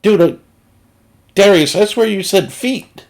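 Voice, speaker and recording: A man's voice: high voice, unhurried, long pauses. A man with a Northeastern US accent telling a crude comic story in a rambling, self-interrupting way. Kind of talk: casual comedic storytelling.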